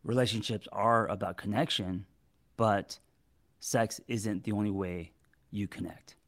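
A man in his forties giving relationship advice in a casual monologue to camera, halting and tripping over his words with many fillers. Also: lowish voice, steady tone. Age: 40s.

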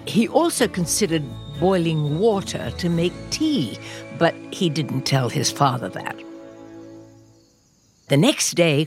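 A woman host reading a picture book aloud to children in a slow, expressive storytelling voice. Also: sits low. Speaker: children's podcast host and reader. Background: soft music.

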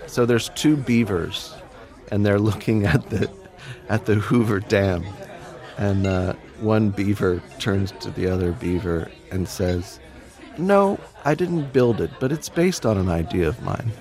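A man telling a short joke with a slow, deliberate delivery. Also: fairly low pitch, a little mellow, some chatter behind.

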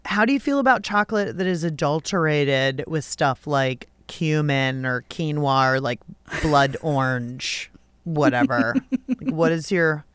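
A woman's voice: deep voice, a little slow, a bit bright, clean tone, no echo. A woman hosting a casual radio conversation, playful and joking with her guest. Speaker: radio host.

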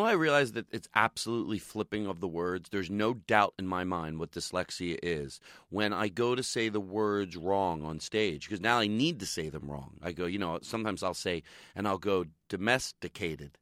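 Lively, self-deprecating comedian man. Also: deep voice, no room sound, studio quality. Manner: animated, self-deprecating, laughs often. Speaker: comedian guest. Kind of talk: candid interview talk.

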